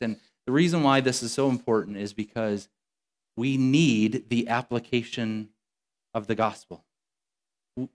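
A man preaching a sermon as a pastor, earnest and conversational, slowing down and growing quieter when he quotes scripture. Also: mid-range voice.

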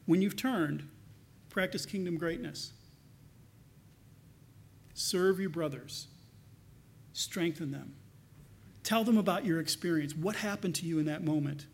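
A man with a high, light voice preaching a sermon. He is earnest, pressing some points loudly and dropping to a near hush on others. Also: unhurried, gravelly, pauses often, husky. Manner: earnest, swings between loud emphasis and soft hushed lines. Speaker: pastor.

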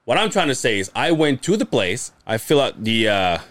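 A man's voice: medium pitch, sing-song, normal speed, fairly bright tone, no room sound, clean studio sound. A man co-hosting a podcast, telling a long, crude story in a rambling way and laughing often. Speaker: podcast co-host. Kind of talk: casual storytelling chat.

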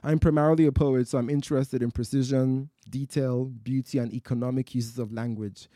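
A male poet from West Africa tells a story live in a night-time festival tent. His delivery is measured and rhythmic, with mid-range pitch. The sound is close and dry. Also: steady tone, warm tone, no echo.

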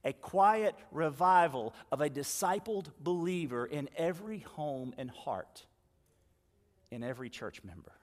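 A fairly high-voiced man delivers a sermon as a pastor, speaking conversationally and leaning on repeated phrases for emphasis. His voice carries a long reverb, as if recorded in a large church sanctuary. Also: expressive, a little slow.

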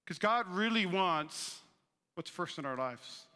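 A man in his thirties preaching a sermon as pastor, animated and joking, acting out the voices he quotes. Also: high voice, slow pace, clear, resonant tone. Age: 30s. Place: church auditorium. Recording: long reverb of a large hall.

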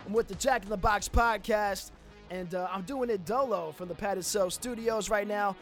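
A man's voice: sits high, normal speed, a bit bright. A man hosting a podcast, opening the episode in a loose, slangy showman announcer style. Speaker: podcast host. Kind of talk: hyped podcast intro. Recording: music bed behind voice.

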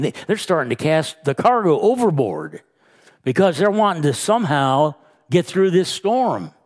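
A man pastor preaching a sermon, slow and emphatic, rising and quickening when he retells scenes. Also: on the high side.

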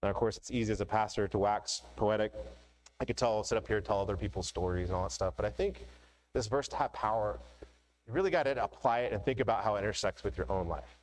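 A man's voice: fairly low pitch, fast, rough recording. A middle-aged man preaching a sermon as a pastor, telling personal stories in a casual, conversational way with frequent "right?" asides.

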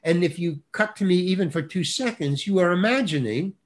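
A man, an actor, telling a casual anecdote animatedly, restarting phrases and punching lines with quick interjections. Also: sits high, expressive. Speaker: actor guest telling a story.

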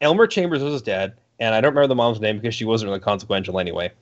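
A man's voice: lowish voice, rapid-fire. Ranting man, dull lo-fi recording. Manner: animated, profane ranting with mocking voices. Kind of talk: casual chat. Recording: dull lo-fi sound.

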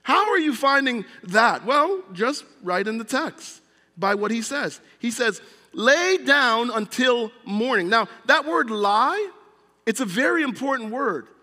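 A middle-aged male pastor preaching a sermon in an earnest style, often dropping to a quiet, low voice. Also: expressive, takes it slowly. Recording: long hall reverb.

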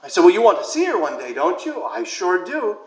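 A male priest preaches in a relaxed, storytelling way, sometimes dropping to a soft whisper. His voice sits high for a man. The sound is roomy, as if from inside a church. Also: fast talker, vocal fry. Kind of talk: sermon with personal anecdote.

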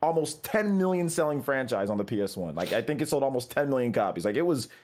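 A man co-hosting a casual gaming podcast, talking in an animated, excitable way. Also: mid-range voice, fast. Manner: animated, gets loud and defensive. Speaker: podcast co-host. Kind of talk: casual chat.

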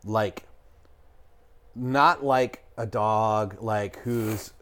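A man's voice: on the low side, extremely slow, a bit bright. A middle-aged man telling a story in casual chat, rambling and swearing, with lots of fillers. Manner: rambling, profane, lots of "like" and "I'm talking".

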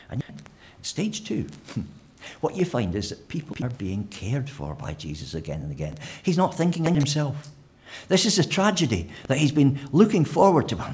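A man's voice: medium pitch, a little mellow. A man preaching a sermon in a church, conversational and full of fillers and restarts.

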